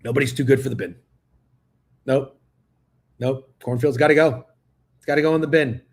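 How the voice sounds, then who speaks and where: A man's voice: medium pitch, steady tone, normal speed, creaky, darkish tone. A man hosting a sports betting livestream, talking casually and profanely, speaking straight to his chat. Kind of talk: casual live-stream chat.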